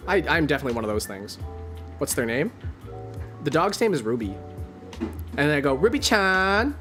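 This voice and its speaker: A man streaming as a VTuber, chatting casually in a rambling, playful, excitable way over faint music. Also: mid-range voice, fairly quick.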